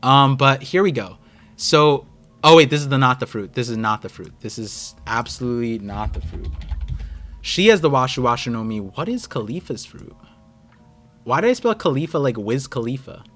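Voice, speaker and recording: A young American man hosting a live stream, chatting casually and excitedly with his viewers. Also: mid-range voice, moderate pace, soft background music. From United States. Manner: rambling, excitable, talks to chat. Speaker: streamer host.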